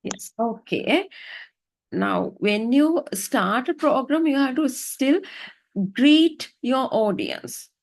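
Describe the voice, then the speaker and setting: A Sri teacher, a woman, coaches her students over a video call. Her voice is fairly high and gravelly, and she speaks slowly and patiently, checking often that she is understood. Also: animated. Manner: patient, encouraging, frequent "right?" checks. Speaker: English teacher. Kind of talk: online English lesson, coaching students.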